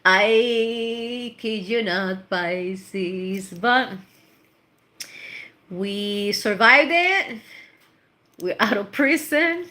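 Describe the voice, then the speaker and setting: A woman's voice: medium pitch, extremely slow, long pauses, sharp tone. A middle-aged woman, a tarot reader, chatting casually and rambling with laughs and bits of Spanish slang. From Puerto Rico. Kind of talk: casual chat.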